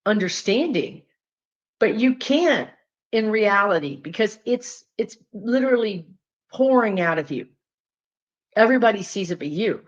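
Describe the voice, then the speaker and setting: Southern woman, mid pitch, animated and emphatic spiritual vlogger, lo-fi dull recording. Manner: animated, emphatic, chatty with frequent asides. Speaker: spiritual teacher. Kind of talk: casual direct-to-viewer talk.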